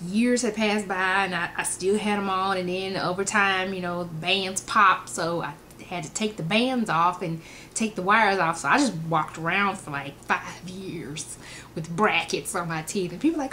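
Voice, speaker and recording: A woman, telling funny personal stories in an animated way and acting out the quotes. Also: mid-range voice, a little hiss or hum. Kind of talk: casual storytelling vlog.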